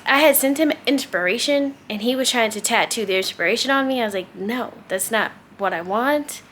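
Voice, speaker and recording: A woman's voice: on the high side, fairly bright tone, slight background noise. A young woman vlogger telling a casual, exasperated story, acting out quoted dialogue. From United States. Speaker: travel vlogger.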